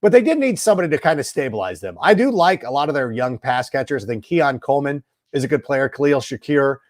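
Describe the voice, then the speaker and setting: A man's voice: medium pitch, very animated, fast, no room sound, studio quality. A middle-aged man appears as a football analyst guest in a casual interview, chatting at length and rambling through his opinions with asides. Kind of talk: casual sports talk interview.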